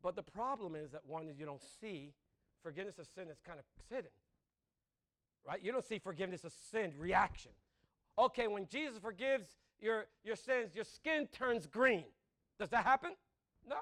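Male pastor, high and very expressive pitch; conversational sermon, quick laughs, asks the room questions. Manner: conversational, rhetorical questions, laughs at own jokes. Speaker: preacher.

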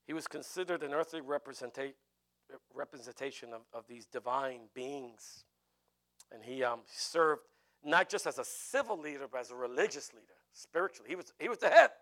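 A man preaching a sermon in an animated way, with jokey asides. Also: medium pitch, normal speed.

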